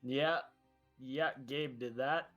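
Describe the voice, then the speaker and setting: Man doing a friendly, flustered teen hero for a tabletop game, halting and full of restarts. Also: medium pitch, fairly even intonation, a bit bright, dull audio, soft background music. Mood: earnest.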